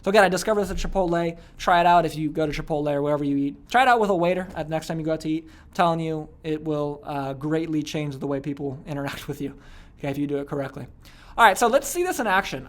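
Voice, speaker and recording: A young man coaching sales in a casual online course, chatty, with repeated words and frequent "okay" and "like". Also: fairly high pitch. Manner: chatty, repeats words, many okays and likes.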